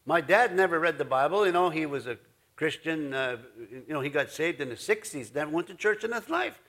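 A man's voice: on the high side, animated, brisk, a bit bright. A man pastor giving a folksy, rambling sermon in his church, full of asides. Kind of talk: conversational sermon.

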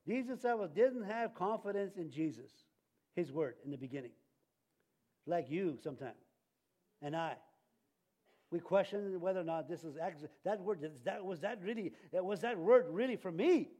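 An older man delivers a sermon with a high voice. He is animated and laughs often, and he acts out the voices he quotes. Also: normal speed. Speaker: preacher.

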